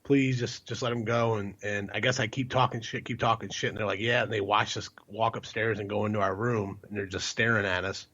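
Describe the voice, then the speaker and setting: A man's voice: lowish voice, steady tone, fairly quick, hardly any pauses, bright, forceful tone, slightly rough, muffled recording. A man from Ohio co-hosting a podcast, telling rambling, profane stories and laughing through them. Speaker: podcast co-host. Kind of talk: crude casual storytelling.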